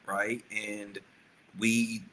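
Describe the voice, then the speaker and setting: A man co-hosting a podcast, telling a family story in a lively, animated way and acting out the quotes. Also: on the low side, very slow, a little hiss or hum, low-quality recording. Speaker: podcast co-host. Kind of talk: storytelling chat.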